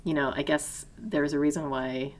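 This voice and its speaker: Low-voiced woman podcast co-host. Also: steady tone, normal speed. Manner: thoughtful, hesitant, many restarts and fillers; laughs often. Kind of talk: casual conversation.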